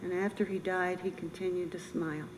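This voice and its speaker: Older woman, earnest halting memorial speech. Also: fairly low pitch, flat delivery. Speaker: bereaved military mother giving a memorial speech. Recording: reverberant room with faint noise.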